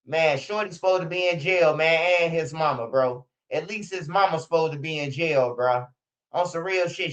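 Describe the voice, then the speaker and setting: High-voiced, profane man telling stories. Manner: profane, animated storytelling. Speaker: streamer commenting on street news. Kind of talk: casual live-stream commentary. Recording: dull lo-fi stream audio.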